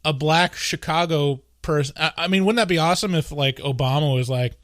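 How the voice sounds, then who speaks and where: A man's voice: on the high side, fairly bright tone, no room sound, studio quality. A man co-hosting a casual podcast chat, joking and rambling as he talks. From US West Coast. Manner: jokey, rambling, quick to laugh. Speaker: podcast co-host.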